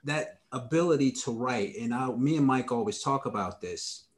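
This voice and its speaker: New guy, podcast host, mid-pitched, quick reactive asides. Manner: reactive, short interjections. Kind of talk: casual chat.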